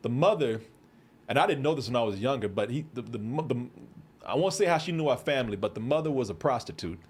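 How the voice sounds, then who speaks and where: A man's voice: mid-range voice, fast, husky. A middle-aged man from Texas, the host, telling stories in casual chat and acting out the voices of the people in them. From Waco, Texas. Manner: animated, acts out voices in his stories, laughs often.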